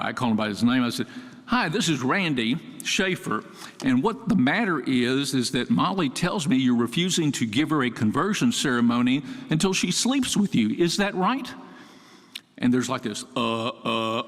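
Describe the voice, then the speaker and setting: Older man telling a wry story in a hall. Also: medium pitch. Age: 70s. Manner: conversational, wry, acts out quoted dialogue in raised voice. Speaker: widower giving a eulogy. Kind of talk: humorous storytelling eulogy. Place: large synagogue sanctuary. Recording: long reverb of a large hall.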